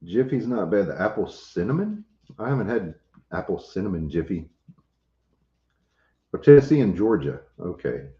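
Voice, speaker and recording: His low voice swings widely in pitch and carries a warm tone, moving at a moderate pace with frequent pauses. He's a homestead channel host on a relaxed livestream, joking with viewers and going through their comments. Sound quality is lo-fi, dull and roomy.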